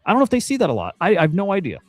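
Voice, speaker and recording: A man's voice: high voice, wildly swooping pitch, racing, no echo, soft background music. A man streaming crypto news commentary. He rants bluntly and swears often, repeats himself, and sounds exasperated. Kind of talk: casual ranting commentary.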